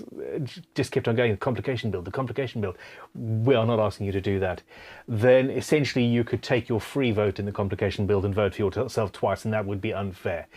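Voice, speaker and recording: A man's voice: on the low side, darkish tone. A man hosting a casual live stream Q&A from his home studio. He reads viewer comments aloud in a chatty, self-deprecating way. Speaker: live stream host and guitar builder.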